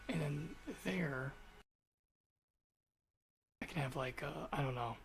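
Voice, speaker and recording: A man's voice: on the high side, a bit bright. A man livestreaming his programming work, thinking aloud in a loose, rambling way. He drops casual swearing between half-finished thoughts. A faint hum of background noise sits under his voice. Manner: rambling, profane, muttering to himself.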